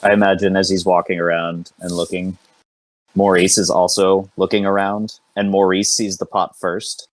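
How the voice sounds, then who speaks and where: A man's voice: low-pitched, level tone, normal speed, no echo, low-quality recording. A man playing a tabletop game, casually describing his character's actions and dice rolls. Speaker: player.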